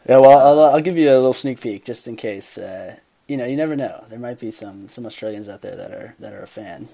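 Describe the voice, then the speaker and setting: A man's voice: mid-range voice, a little fast, gravelly, dark tone. A young man co-hosting a podcast in casual chat, explaining his academic work earnestly with some hesitations. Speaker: podcast co-host.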